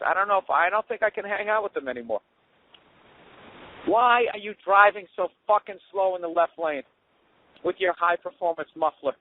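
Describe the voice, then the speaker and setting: Sarcastic man ranting over a tinny line. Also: a little high. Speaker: podcast host. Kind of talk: rambling solo monologue. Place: in a car while driving. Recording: tinny phone-like sound.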